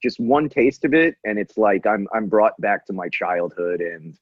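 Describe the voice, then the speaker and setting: A man's voice: on the low side, expressive, moderate pace, no echo, lo-fi sound. A man co-hosting a comedy podcast, chatting casually with playful, rambling jabs. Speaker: podcast co-host.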